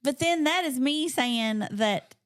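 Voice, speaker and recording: A woman's voice: sits high, expressive, takes it slowly. A woman co-hosting a music podcast, chatting casually, laughing often and arguing her picks with playful emphasis. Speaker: podcast co-host. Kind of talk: casual chat.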